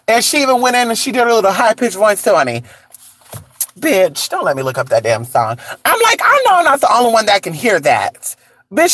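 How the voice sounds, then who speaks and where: A vlogger in a casual gossip chat outdoors in the cold, sassy and animated, calling listeners honey and girl. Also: medium pitch, no room sound.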